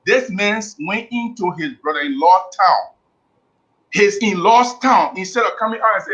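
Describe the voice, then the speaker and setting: Calling into a radio debate as a guest, a man argues heatedly and emphatically, repeating himself, in a high, fairly bright voice at normal speed. The recording has a dull, lo-fi radio quality.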